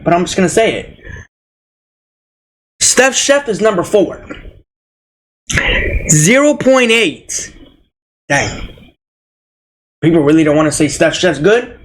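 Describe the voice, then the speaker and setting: A man's voice: high voice, expressive, moderate pace, pauses often, poor audio. A young man ranting casually about basketball, teasing and laughing often, with frequent repeated words. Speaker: sports vlogger.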